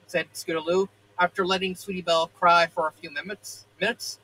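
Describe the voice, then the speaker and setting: A man's voice: sits high, flat delivery, a little fast, few pauses, pushed and bright, poor audio. A man in his thirties reading fan fiction aloud, often stumbling, correcting himself and breaking into joking asides. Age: 30s.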